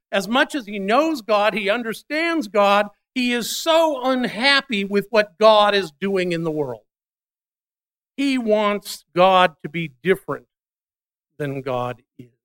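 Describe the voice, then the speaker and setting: A pastor with a notably high voice delivers a sermon, telling a Bible story in an animated way. He acts out the characters' lines with changing emphasis, at times rising and at times dropping to a hush. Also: clean tone.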